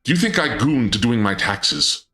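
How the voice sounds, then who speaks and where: A man streaming casually in a dark lord persona, flustered and indignant, stammering and restarting often, with sudden high-pitched outbursts. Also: sing-song, unhurried.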